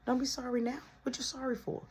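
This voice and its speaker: A man voicing a stern grandmother who scolds in a calm, cutting way. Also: extremely high pitch, quick pace, a little hiss or hum, voice pushed up.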